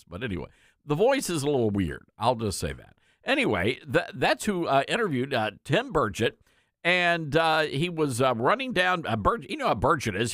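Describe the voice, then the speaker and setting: A man's voice: on the high side, fairly bright tone, no echo, clean studio sound. A man hosting a radio talk show, chatting in a rambling way with frequent fillers.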